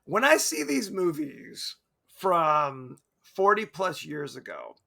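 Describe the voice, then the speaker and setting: A man's voice: on the high side, takes it slowly, creaky. A man co-hosting a podcast, chatting casually and jokily about a movie. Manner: animated, jokey, slips into quoted voices. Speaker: podcast co-host.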